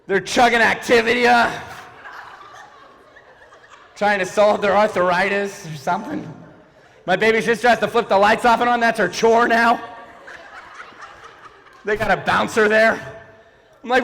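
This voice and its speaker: A man with a notably high voice performs stand-up comedy, playful and animated, often turning to talk straight to the crowd. His voice carries the long reverb of a large church hall. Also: unhurried, creaky, pauses often. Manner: animated, playful, talks to the audience. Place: church auditorium before a live audience.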